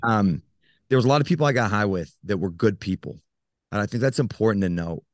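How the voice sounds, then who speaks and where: Very deep-voiced man telling his story. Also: animated, no room sound, studio quality. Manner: earnest, halting, with frequent fillers. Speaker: podcast guest. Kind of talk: personal storytelling in an interview.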